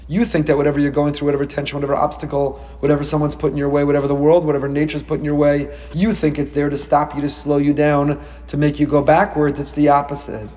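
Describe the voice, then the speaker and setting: A rabbi preaches a Torah lecture in a fairly high, lively voice. He acts out dialogue, jumping up in pitch for emphasis. His voice rings with a long reverb, as if in a large hall. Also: very fast, few pauses.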